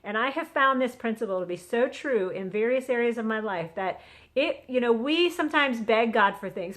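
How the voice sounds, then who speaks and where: Woman, middle-aged, high-ish voice, chatty and earnest, self-filmed on a phone stick for a faith vlog. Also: lively intonation, moderate pace, fairly bright tone. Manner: chatty, earnest, acts out quotes. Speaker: vlogger sharing a devotional. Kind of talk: casual Christian encouragement vlog. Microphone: phone on a selfie stick.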